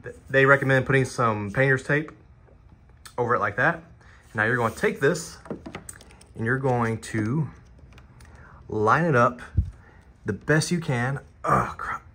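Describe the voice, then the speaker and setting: A man's voice: medium pitch, unhurried, long pauses, bright, forceful tone. Laid-back man rambling through a bike install. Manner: loose, rambling, self-deprecating, addresses viewers as guys. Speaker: motorcycle vlogger. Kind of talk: casual how-to walkthrough.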